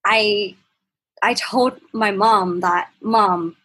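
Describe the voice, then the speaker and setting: A young woman, a podcast guest, telling a candid personal story in a halting way, with restarts and fillers. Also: mid-range voice, steady tone, pushed and bright, breathy edge, rough recording. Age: young adult.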